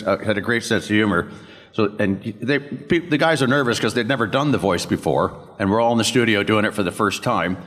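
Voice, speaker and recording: A man's voice: fairly low pitch, fairly bright tone. An older man, a voice actor at a convention panel, telling rambling anecdotes and acting out other people's lines. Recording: long echo of a convention hall.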